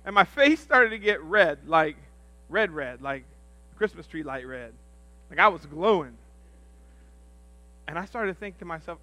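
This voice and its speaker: Bright, high-voiced man preaching with jokes. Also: moderate pace, dry recording. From rural upbringing. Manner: animated, self-deprecating, jokey. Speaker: pastor on church staff. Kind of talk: humorous storytelling sermon.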